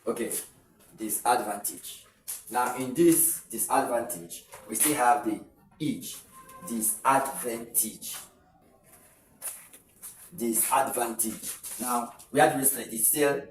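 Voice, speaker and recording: Male English teacher, exam-prep pronunciation lesson; drawn-out repeated words, lots of ums; roomy sound, mic set back from him. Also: mid-range voice. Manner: repeats words slowly, with frequent hesitant fillers. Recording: roomy sound from a distant mic with faint noise.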